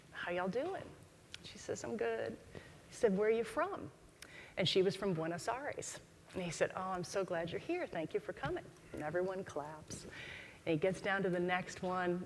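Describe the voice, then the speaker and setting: A woman's voice: fairly low pitch, a little hiss or hum. A woman speaker telling stories to a live audience, acting out the voices of the people she quotes. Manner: animated storyteller, acts out quoted voices. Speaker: keynote speaker. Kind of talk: storytelling talk to a live audience. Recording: long hall reverb.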